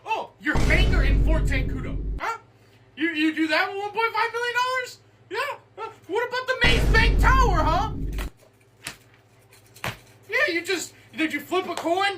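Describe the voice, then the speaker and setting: Sarcastic interrogating auditor, played by a woman, lowered voice, animated. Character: suspicious sarcastic tax auditor grilling a rich client. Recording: distant mic with noise.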